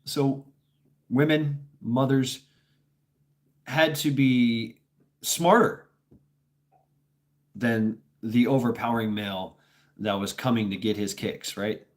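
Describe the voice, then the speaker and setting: A man of middle pitch from Tennessee talks loosely to his livestream viewers. He rambles and stops to restart his sentences, swearing freely in a blunt, off-the-cuff manner. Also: steady tone, slow, pauses often. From Tennessee, USA. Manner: rambling, blunt and profane, many fillers. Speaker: livestream host. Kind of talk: casual livestream storytelling.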